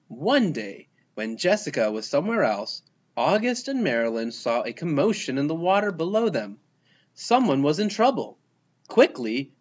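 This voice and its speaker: A man reading a children's picture book aloud, expressive and playful, giving the characters their own voices. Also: on the high side, highs cut off. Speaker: storybook reader.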